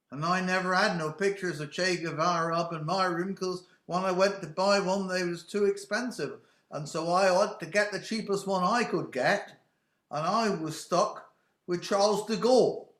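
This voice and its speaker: A man's voice: high-pitched, fairly bright tone. Man cracking dry jokes before his song, kinda roomy sound, video call. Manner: dry, self-mocking humour. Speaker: folk club performer. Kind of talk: wry song introduction.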